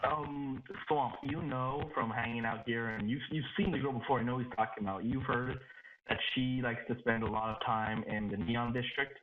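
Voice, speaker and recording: A man's voice: medium pitch, steady tone, moderate pace, narrow, tinny audio, noisy background. A man narrating as game master of a tabletop game in a loose, laid-back way.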